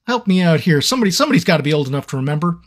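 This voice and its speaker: A man's voice: fairly high pitch, big pitch swings, very fast, background noise. A man, a voice actor, chatting casually with fans on a live Q&A, rambling and joking about his own scattered mind. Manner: rambling, scattered and self-mocking. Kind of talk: casual livestream chat. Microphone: seated at a microphone.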